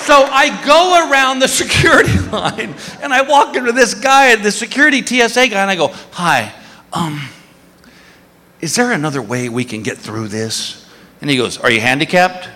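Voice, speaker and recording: A man's voice: high voice, expressive, moderate pace, bright, forceful tone, a faint crowd. A man doing stand-up comedy, telling a story with acted-out voices and laughing asides. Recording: live stage sound in a reverberant hall.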